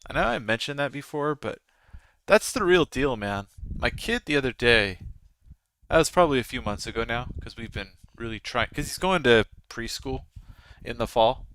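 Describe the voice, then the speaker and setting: A man's voice: mid-range voice, animated, normal speed, fairly bright tone. A man in his thirties hosting a live trading stream, chatting casually with his viewers as he comments. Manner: chatty, talks to viewers and chat. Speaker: livestream trading host.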